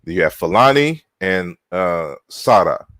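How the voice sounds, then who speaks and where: A man giving an online linguistics lecture, deliberate, spelling out words with frequent fillers and restarts. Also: low-pitched, lively intonation, a bit bright, no echo.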